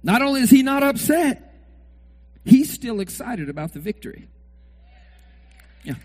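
Man preaching, high voice, big swoops, acts out cheering fans. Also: unhurried. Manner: animated, acts out fans shouting at the TV. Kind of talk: sermon.

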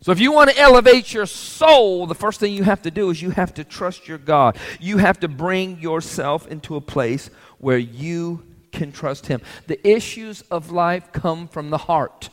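A man's voice: sits high, animated, unhurried, hardly any pauses, long reverb tail. A male pastor preaching a sermon, pressing the congregation with rhetorical questions.

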